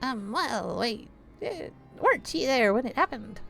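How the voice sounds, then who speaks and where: A woman's voice: on the high side, big pitch swings, a little slow, vocal fry, a bit bright, faint music behind, pitched above the performer's own voice, full character voice. A woman voicing a cheerful young male ghost sailor who talks from an urn, eager to please. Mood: chipper.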